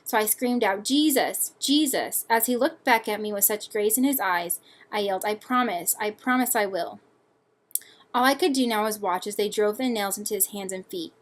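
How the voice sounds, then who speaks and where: A young woman and student reading her personal essay aloud in an earnest, measured way. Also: mid-range voice.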